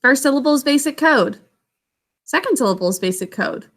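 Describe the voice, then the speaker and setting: Woman, spelling teacher, fairly high voice with a gravelly edge, patient, sounds out each letter. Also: lively intonation, brisk, fairly bright tone. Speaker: literacy teacher. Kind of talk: slow, clear spelling lesson for children.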